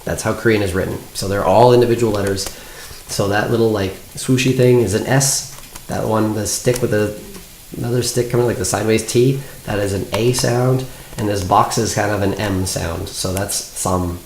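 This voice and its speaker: A man's voice: fairly low pitch, fairly even intonation, moderate pace, a little mellow. A young man from Canada chatting casually as a vlogger in his apartment, laid-back and full of "like". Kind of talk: casual chat. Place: apartment room. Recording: echoey room, faint noise.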